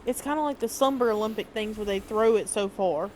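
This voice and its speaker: A woman co-hosting a casual chat, asking curious questions in a slangy, relaxed way. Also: mid-range voice, a little fast, over a noisy crowd, low-quality recording. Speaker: co-host, the host's wife.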